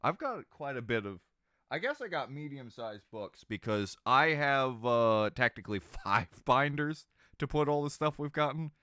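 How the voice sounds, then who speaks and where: Animated and moderately paced, a man's mid-range voice carries a sharp, clean tone and a slight Southern American twang. Talking casually to viewers on a live stream, he rambles, jokes, and often laughs mid-sentence, all in a dry, clean studio recording.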